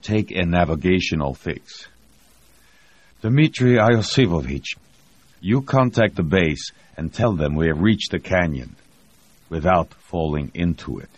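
A stern, gruff cosmonaut commander, read by a man, with a very deep, husky voice. He gives his orders in a measured way. The audiobook recording is dull and lo-fi. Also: animated, dry recording. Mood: commanding. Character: stern male cosmonaut commander, weary but resolute. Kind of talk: audiobook reading.

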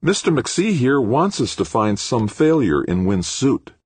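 A man's voice: medium pitch, very animated, a little slow, slightly rough, dry recording, pitched above the performer's own voice. A man voicing a good-natured, casual male technician. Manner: easygoing, casual.

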